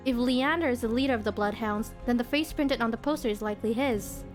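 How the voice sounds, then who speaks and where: A woman streamer reads a visual novel's narration aloud in a slightly high voice, casual and easily amused. She keeps slipping into giggles between lines. Soft game music plays faintly behind her. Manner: giggly, breaks off into laughter.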